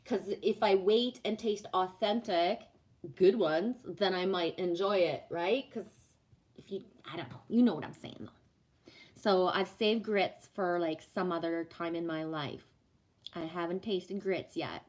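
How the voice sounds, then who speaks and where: A woman's voice: lowish voice, measured pace, a little mellow. Chatty woman, swears freely. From Canada. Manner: chatty, swears freely, reads out viewer comments. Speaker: livestream card reader. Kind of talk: casual live-stream chat.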